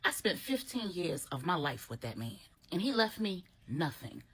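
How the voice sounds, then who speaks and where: A bitter, scheming younger woman from a storybook, as a woman reads her part. She is indignant and sassy, with a low, husky voice that swings a lot in pitch. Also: very animated, fairly quick, fairly bright tone, heavily acted.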